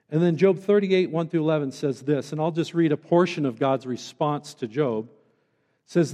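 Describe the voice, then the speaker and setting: A male pastor delivers a sermon, earnest and conversational, often checking in with his listeners. His voice sits a little high for a man. A long reverb from a large church hall trails his words. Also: normal speed, darkish tone. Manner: earnest, conversational, with tag questions.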